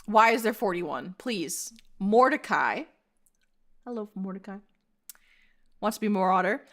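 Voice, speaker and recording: A woman's voice: medium pitch, lively intonation, unhurried, fairly bright tone. A woman streaming casually, laughing often as she reads viewer character entries aloud in a playful, dramatic voice. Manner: giggly, laughs often mid-sentence. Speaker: VTuber streamer.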